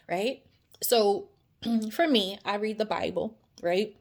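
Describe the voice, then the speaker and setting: A woman giving a casual devotional talk to her viewers, chatty and animated, often asking "right?" and acting out quoted voices. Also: slow. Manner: acts out quoted voices, often drops soft and low. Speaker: faith vlogger.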